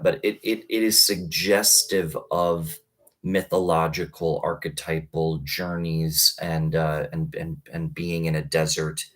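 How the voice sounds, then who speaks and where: A man in his thirties talking casually on a live stream, rambling with many halting restarts. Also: extremely low pitch, a bit bright. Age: 30s. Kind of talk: casual livestream talk.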